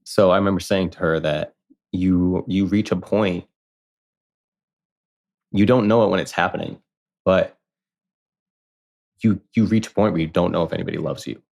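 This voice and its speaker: A man in his thirties, a podcast guest, telling a personal story in casual conversation, candid and animated, acting out what others said. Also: low-pitched, normal speed, vocal fry, long pauses. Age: 30s. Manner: candid, animated, quotes people in lively voices.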